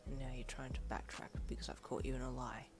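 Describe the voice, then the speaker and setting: A woman voicing a weary, guarded adult male teacher in a fanfiction audio reading, speaking low, flat and clipped. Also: moderate pace, creaky, exaggerated voice. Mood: cold. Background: soft background music.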